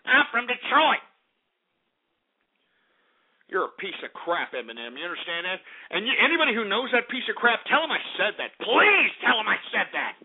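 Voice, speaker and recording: A man's voice: high-pitched, big pitch swings, quick pace, hardly any pauses, breathy edge. A man hosting a call-in radio show, ranting angrily and profanely, repeating himself. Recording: tinny phone-like audio.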